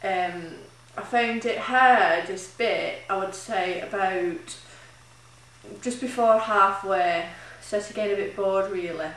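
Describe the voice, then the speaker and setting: Speaking slowly in a mid-range, fairly bright voice, a woman records a casual video diary about her charity running. Her talk is chatty, emotional, and rambling, full of fillers, captured by a distant mic in a room with heavy echo.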